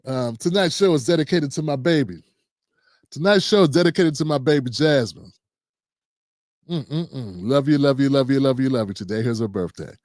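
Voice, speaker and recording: A man's voice: medium pitch, animated, moderate pace, darkish tone, no room sound, clean studio sound. A middle-aged man hosting a casual political talk show, riffing loosely and playfully with slang and asides to his audience. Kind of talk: casual livestream commentary.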